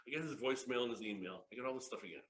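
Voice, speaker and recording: A man in his fifties presenting a sales workshop, an excitable, jokey storyteller who laughs often. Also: medium pitch, racing, slight background noise. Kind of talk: lively workshop talk with stories. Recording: echoey room.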